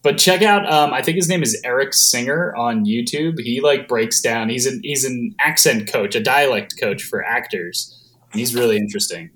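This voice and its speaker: A man in his usual middle register, chatting casually with friends. He laughs often and jumps in with quick reactions. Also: mid-range voice, fairly bright tone. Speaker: podcast co-host. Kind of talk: casual chat.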